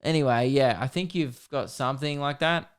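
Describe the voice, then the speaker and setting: Young Aussie male podcast host, loose and jokey, casual swearing, medium pitch, clear tone. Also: normal speed. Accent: Australian. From Australia. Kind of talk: casual solo podcast chat.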